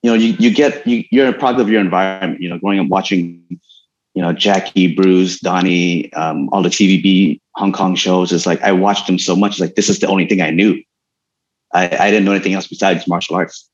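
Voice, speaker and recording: A man with a very low, deep voice tells stories at an easy pace, full of "you know" and "like". The sound is a little muffled and lo-fi. He sounds casual and unhurried. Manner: relaxed storytelling with many fillers and frequent laughs. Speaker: guest, stuntman and martial artist. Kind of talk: casual interview conversation.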